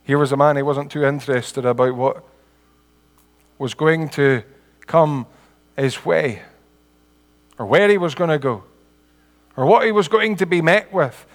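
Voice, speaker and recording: A Scottish man in middle age delivers a sermon with a fairly high voice. He talks in an earnest, homely way and builds to emphatic peaks. His voice rings with the long reverb of a hall. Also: a little slow, pauses often. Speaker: preacher.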